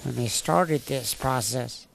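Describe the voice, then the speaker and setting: A man giving a candid personal account in a plainspoken, wry storytelling manner, with halting restarts. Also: medium pitch, creaky. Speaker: interviewee sharing his personal story.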